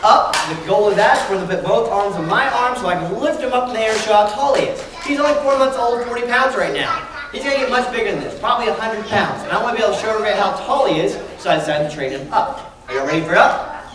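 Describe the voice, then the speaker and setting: Trainer talking quick to a crowd, mic way off, lots of room echo. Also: medium pitch. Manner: energetic, calls out to the crowd and asks questions. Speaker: animal trainer presenting to a library audience. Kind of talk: lively live presentation to children. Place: large indoor hall with an audience. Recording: echoey hall, distant mic, noisy crowd.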